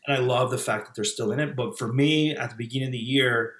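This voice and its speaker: A man's voice: medium pitch, quick pace, a bit bright, roomy sound. A man in his thirties, a former pastor, speaking as a podcast guest in a reflective, casual way with frequent fillers and restarts. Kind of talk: casual conversational interview.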